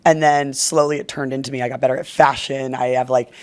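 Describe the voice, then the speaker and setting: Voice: mid-range voice, steady tone, fast talker, clean tone. A podcast host talking in a casual, upbeat, chatty way, with many fillers.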